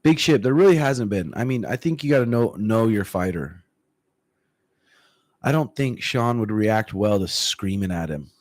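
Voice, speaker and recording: A man who works as a fight coach, chatting casually on a livestream and answering viewer comments in a relaxed, profane way, often clearing his throat. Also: fairly low pitch, normal speed, dry recording. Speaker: MMA coach. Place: room at home.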